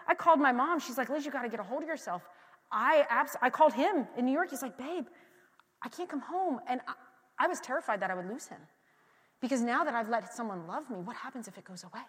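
High-voiced woman preaching in a reverberant hall. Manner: candid, personal storytelling with frequent restarts; swings between quiet confiding and loud emphatic passages. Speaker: pastor. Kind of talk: conversational sermon.

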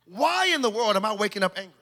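High-voiced shouting preacher man. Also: big pitch swings, quick pace. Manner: shouting, sing-song preaching, swings from loud to hushed. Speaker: pastor. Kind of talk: sermon.

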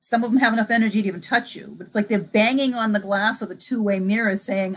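A middle-aged woman, a psychic medium, chatting in an interview and acting out both sides of remembered conversations with lively energy. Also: mid-range voice, quick pace, few pauses. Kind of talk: casual interview storytelling.

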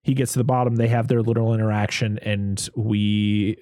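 A man's voice: on the low side, level tone, normal speed, dark tone, dry recording, studio quality. A man hosting a casual chat, rambling through a movie recap and swearing freely.

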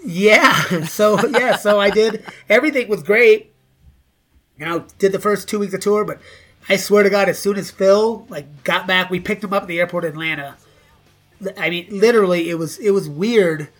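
Middle-aged man, higher voice, sharp and bright, casual profane storytelling, chuckles often. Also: moderate pace, soft background music. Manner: profane, laughs between lines. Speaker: podcast guest.

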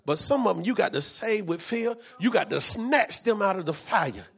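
A man's voice: high-pitched, animated, normal speed, gravelly, breathy edge. A man preaching a sermon as pastor, fervent and repetitive, dropping in frequent amens.

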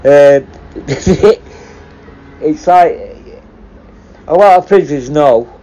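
A man's voice: mid-range voice, dark tone, lo-fi sound. A middle-aged man, a former prison officer and negotiator, telling rambling, sweary stories in casual chat. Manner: sweary, rambling, laughs at his own stories. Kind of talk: casual storytelling.

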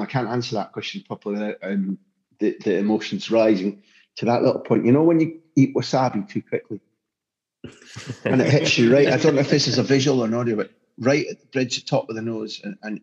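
A man's voice: mid-range voice, fast talker, darkish tone. A football journalist speaking as a podcast guest, passionate and emphatic, often restarting his sentences. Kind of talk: podcast interview. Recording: dull lo-fi sound.

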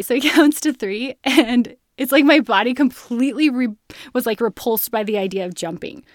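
A young woman hosting a podcast, telling a personal story in a casual, animated way and laughing often as she talks. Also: fairly high pitch, fairly quick, no room sound, clean studio sound. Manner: chatty, animated, laughs often mid-sentence. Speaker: podcast host.

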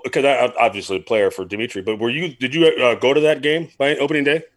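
A man who is a guest on a podcast, telling blunt, excitable stories in casual chat. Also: medium pitch, no room sound. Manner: quick, excitable, blunt storyteller.

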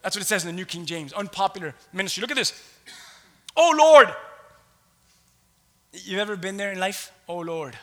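A man preaching a sermon in a church, impassioned, swinging between loud declarations and hushed asides. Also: sits high, steady tone, very fast, hardly any pauses.

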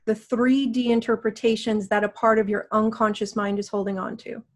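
A middle-aged woman guiding a healing session with slow, soothing, coaxing prompts. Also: a little high, little pitch movement. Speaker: energy healer guiding a session.

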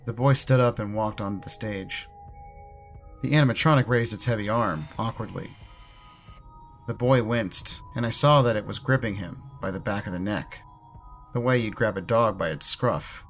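A man narrating a horror story in a measured, ominous way. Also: on the low side, faint music behind.

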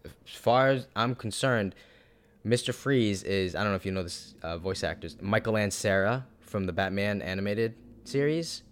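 A man co-hosting a podcast, rambling and animated in casual chat, swearing now and then. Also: lowish voice, normal speed, clear, resonant tone. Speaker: podcast co-host.

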